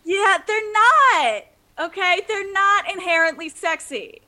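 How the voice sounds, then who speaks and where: A woman with a high, bright voice that leaps around, chatting casually on a podcast. She sounds blunt and emphatic and teases the others. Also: animated, takes it slowly. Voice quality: voice others call annoying. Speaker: podcast co-host. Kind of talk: casual chat.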